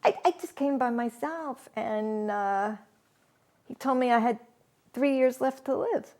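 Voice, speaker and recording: Middle-aged woman interviewee, slightly high voice, unhurried and halting, laughs through her story. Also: darkish tone. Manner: halting, often laughs mid-sentence. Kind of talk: candid personal storytelling.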